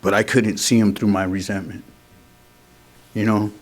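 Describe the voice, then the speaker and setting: A middle-aged man shares his recovery story at a meeting, casual and earnest, often tossing in "man" and "you know." His voice is lowish and level, at a normal speed.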